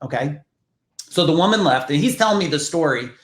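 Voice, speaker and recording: A man's voice: fairly high pitch, animated, fairly quick, a bit bright, roomy sound. A man from New Jersey telling stories from his business as a podcast guest, casual and emphatic, swearing freely and acting out the people he quotes. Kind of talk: casual storytelling.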